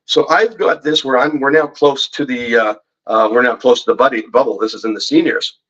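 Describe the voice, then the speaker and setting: Talking fairly quickly in a mid-range, fairly bright voice, this podcast guest, a poker professional and betting expert, spins meandering, joke-filled tales. He ribs the hosts throughout, and the audio comes across dull.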